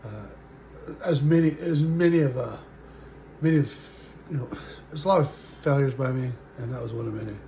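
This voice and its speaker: A man in his forties speaks to his viewers at a mid-range pitch, in a halting, searching way. He leans on "uh" and "you know" and often lets the ends of his sentences fade away. There is a faint hiss behind him. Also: vocal fry. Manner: halting, full of "uh" and "you know", trailing off softly. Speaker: vlogger. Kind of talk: personal storytelling to camera.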